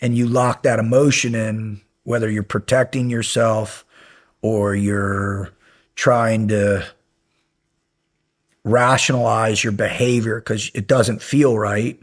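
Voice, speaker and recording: A man's voice: fairly low pitch, takes it slowly. A middle-aged man, a podcast guest, telling long rambling stories in a casual interview and acting out the lines of people in them. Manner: rambling, animated, acts out quoted lines.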